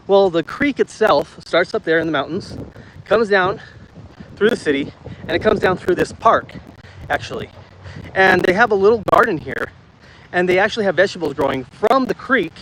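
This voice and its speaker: A man in his thirties carries his phone through a city park for a casual walking livestream, reading comments aloud and chatting with his audience. His voice is high and a bit bright, and the rough recording has slight background noise.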